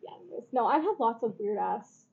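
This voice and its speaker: A woman's voice: a little high, animated, fast talker, gravelly. A woman co-hosting a casual podcast chat, laughing often, swearing freely and acting out what people said. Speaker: podcast co-host. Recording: dull lo-fi recording.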